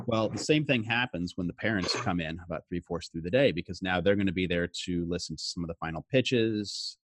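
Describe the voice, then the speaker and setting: Deep-voiced father telling a moving story. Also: no room sound. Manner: emotional, halting, repeats words. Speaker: guest. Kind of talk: personal storytelling.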